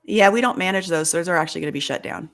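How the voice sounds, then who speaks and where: A middle-aged woman hosting a coaching show, talking a caller through his fears in a lively, hands-on way. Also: on the low side, very fast. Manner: animated, acts out inner voices. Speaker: fear coach and host. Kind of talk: live coaching session.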